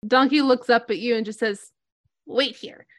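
A woman's voice: a little high, steady tone, fairly quick, dry recording. A woman narrating a tabletop game as game master, loose and full of fillers.

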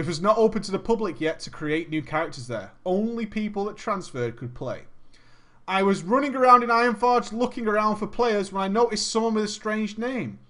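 A man telling a comic gaming story in an animated way, laughing and swearing often. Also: high voice.

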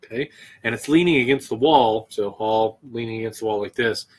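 Husky-voiced man telling stories casually. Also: mid-range voice, fairly quick. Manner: laid-back storyteller, frequent swearing. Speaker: podcast co-host. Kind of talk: casual beer-tasting chat.

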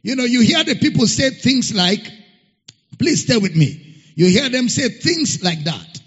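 A pastor preaching a sermon, emphatic and repetitive, sometimes singing words. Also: male voice, extremely high pitch, very animated, measured pace, slightly rough. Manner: emphatic, repeats key phrases, sings some words. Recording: dull lo-fi recording in a reverberant hall.

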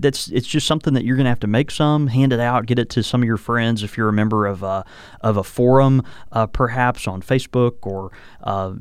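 A man with a smooth, resonant voice, co-hosting a relaxed podcast and rambling along with plenty of "uh" and "you know." The sound is dry and close to the mic, with no room around it. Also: on the low side, dry recording. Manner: rambling, many fillers and restarts. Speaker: podcast co-host. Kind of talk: casual chat about pipes.

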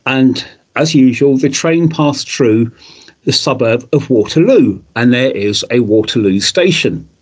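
A man's voice: mid-range voice, expressive, unhurried, darkish tone, husky. A man on a podcast panel telling a story, emphatic and repeating words as he starts. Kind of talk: anecdotal storytelling.

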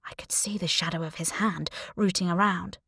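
Audiobook narrator, woman, lower register, dry close sound, deadpan humor. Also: moderate pace, creaky, husky, dry recording. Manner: wry, deadpan humor with hushed asides. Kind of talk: first-person audiobook narration.

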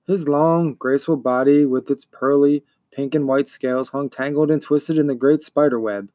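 Guy reading a storybook aloud, steady and deliberate, dry close mic. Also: mid-range voice, no echo. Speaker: reader. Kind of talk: audiobook reading.

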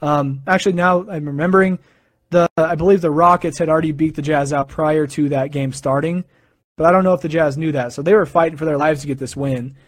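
A young man with a slightly high voice rambles casually about sports to his viewers. He talks in loose run-on stretches and corrects himself as he goes. The sound is dry and close. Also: fairly even intonation, brisk, no room sound. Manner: rambling, chatty, with fillers and self-corrections. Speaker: live stream host.

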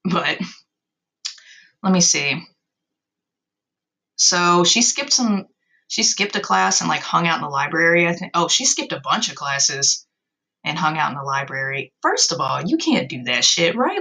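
A woman's voice: deep voice, lively intonation, moderate pace, gravelly, bright, forceful tone, poor audio. A young woman casually recapping an old story of hers, sarcastic and self-mocking, swearing freely. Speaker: podcast host.

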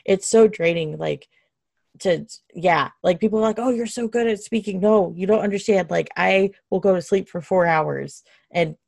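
A woman's voice: lowish voice, moderate pace, creaky, darkish tone, no echo. A woman guest on a podcast, rambling and self-deprecating, with lots of "like". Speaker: podcast guest, content creator. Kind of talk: casual interview chat.

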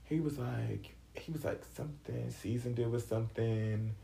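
A man's voice: medium pitch, normal speed, gravelly, roomy sound, a little hiss or hum. A man telling a funny story in a casual chat, swearing a lot and acting out what people said. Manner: animated, profane storyteller who acts out quotes.

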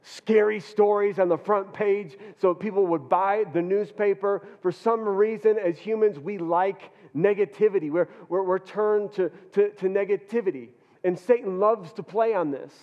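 A man's voice: sits high, moderate pace. A male pastor preaching a sermon, earnest, often repeating words as he builds his point. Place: church hall. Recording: dull reverberant church hall.

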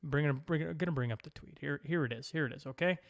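A man's voice: a little high, quick pace, creaky, no echo, studio quality. A man co-hosting a podcast, joking around and reading posts aloud in a casual way. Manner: animated, joking, reads tweets aloud. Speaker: podcast co-host. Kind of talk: casual political chat.

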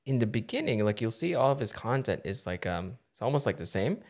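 A man's voice: medium pitch, brisk. A young man co-hosting a podcast, chatting casually, laughing often and rambling. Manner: animated, laughing, rambling with restarts. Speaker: podcast co-host. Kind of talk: casual chat.

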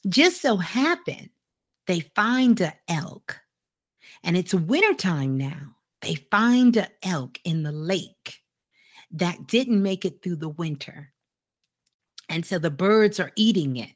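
Woman storyteller, conversational and animated, very expressive pitch. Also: slow pace. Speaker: radio host and storyteller. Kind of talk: casual storytelling.

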